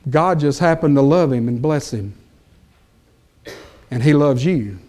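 A man delivers a sermon at a deliberate, unhurried pace, his voice sitting a little higher than most men's. He leans into key phrases with rising emphasis and lets pauses hang between them. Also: lively intonation, a little mellow. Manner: slow, emphatic preaching with pauses and rising peaks. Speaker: preacher.

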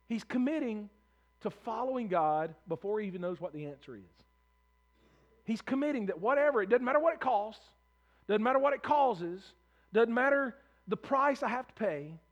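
A male preacher with a fairly high voice delivers a sermon. He speaks earnestly and with emphasis, voicing prayers as if speaking them himself, and often repeats words as he builds toward a point. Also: expressive, fairly quick. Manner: acts out prayers in first person.

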